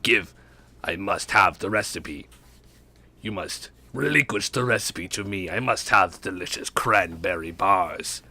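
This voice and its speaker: A congested man voicing a slow, drawling Southern debutante woman with a Savannah accent. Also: sits low, bright, forceful tone, voice pushed down, heavily acted. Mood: demanding. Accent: Savannah drawl, put on. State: sick, congested.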